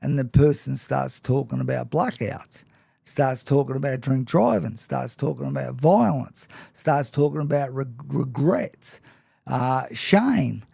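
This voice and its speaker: A man's voice: medium pitch, unhurried, creaky, warm tone, slightly rough, no echo. A man telling his own story to an interviewer, frank and self-mocking, and often laughing as he talks. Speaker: guest. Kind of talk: personal storytelling in conversation.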